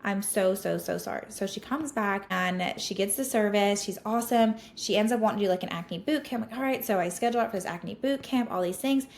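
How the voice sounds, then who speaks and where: A woman, a podcast host telling a client story in a casual, animated, exasperated way with lots of "like". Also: mid-range voice, brisk, creaky, few pauses.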